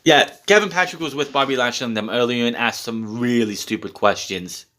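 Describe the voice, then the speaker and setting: A man's voice: medium pitch, a little fast, pushed and bright. A man in the middle of his own voice range, talking through a wrestling show in a casual solo recap. He is blunt and sarcastic, and he swears freely.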